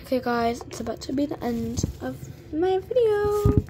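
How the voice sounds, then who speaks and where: A woman's voice: high voice, lively intonation, normal speed. Chatty young gamer girl, noisy recording. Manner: chatty, with lots of fillers and sudden exclamations. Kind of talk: gameplay commentary.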